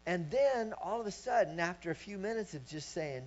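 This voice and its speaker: A man preaching a sermon, telling a personal story and rising to loud shouts as he acts it out. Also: high-pitched, expressive, normal speed, hardly any pauses. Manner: storytelling, swelling to shouts when acting out his story. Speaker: pastor. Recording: dull lo-fi recording with mains hum.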